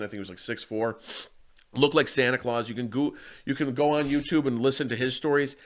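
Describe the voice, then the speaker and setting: An earnest man talks about martial arts in a casual interview, with a voice of ordinary pitch. He rambles through stories, often restarting his sentences. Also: fairly bright tone.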